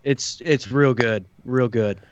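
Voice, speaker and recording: A man's voice: mid-range voice, slow pace, dull audio, a crowd in the background. A man joining a casual chat in a laid-back, joking way.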